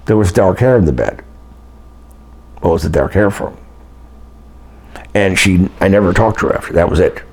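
An older man, a guest in an interview, telling personal stories in a casual, animated way and acting out the voices he quotes. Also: sits low, normal speed, long pauses, husky. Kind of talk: casual storytelling.

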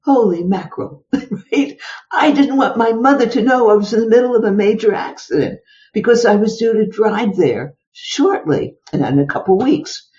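A woman's voice: a little high, animated, moderate pace, dark tone. An older woman, a psychologist being interviewed, recounting personal stories with exclamations and rhetorical questions. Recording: dull lo-fi recording.

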